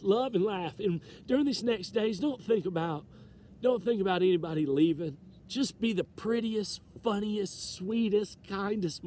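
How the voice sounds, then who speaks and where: High-voiced earnest male preacher outdoors. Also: a little mellow, breathy edge. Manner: earnest, preachy, reads scripture slowly. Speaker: self-styled preacher. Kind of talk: emotional motivational sermon to camera. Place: outdoors near trees, alone.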